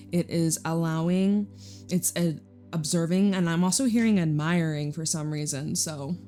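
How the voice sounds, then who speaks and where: A young Canadian woman with a warm, lowish voice gives an easygoing tarot reading to camera. She relies on intuition, chatting away and stretching out words for emphasis.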